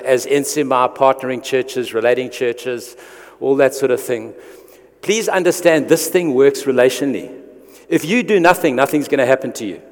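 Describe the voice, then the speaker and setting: A man's voice: medium pitch, big-room sound. A man preaching a sermon to his church, earnest and conversational, restarting phrases as he goes. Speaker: pastor.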